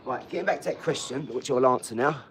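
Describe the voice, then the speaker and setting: A man's voice: medium pitch, fast talker, a little hiss or hum. A man, chatting bluntly on a livestream and answering viewers' comments, swearing and often laughing as he talks. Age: 40s. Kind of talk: casual livestream chat.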